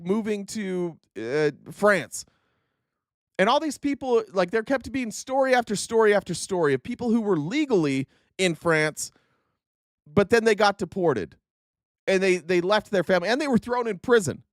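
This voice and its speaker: A man's voice: high-pitched, animated, moderate pace, dry recording, studio quality. A man hosting a political live stream, ranting angrily with profanity and sarcastic mock impressions. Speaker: political livestream host.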